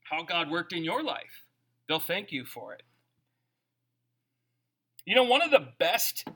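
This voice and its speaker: A pastor preaches a sermon in a high-pitched voice. He's conversational and animated, putting questions to his listeners.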